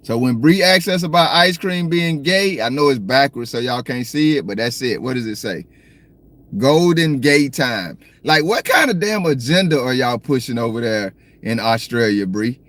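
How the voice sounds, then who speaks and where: With an animated mid-range voice that's a little bright, this Southern American man talks at normal speed with few pauses. He's livestreaming from his parked car, joking, reading viewers' comments and speaking straight to them in a laid-back way.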